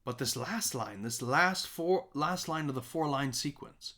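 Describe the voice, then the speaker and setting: A man's voice: mid-range voice, unhurried, hardly any pauses, a bit bright. A man teaching a recorded music lesson, chanting nursery rhymes as examples and checking in with "okay?" and "right?".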